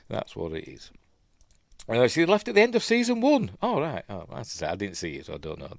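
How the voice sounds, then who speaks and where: Yorkshire bloke rambling thru a live news stream, lowish voice, bouncy pitch, dry close sound. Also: male voice, a bit bright, no echo. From Yorkshire, England. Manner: rambling, opinionated, muttering asides. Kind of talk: casual live stream commentary.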